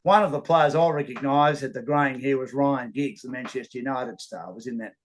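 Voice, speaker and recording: A man's voice: mid-range voice, moderate pace, slight background noise. A middle-aged Australian man, a sports broadcaster, telling stories in an interview with plenty of casual fillers. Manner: animated storyteller, casual filler words. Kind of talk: storytelling interview.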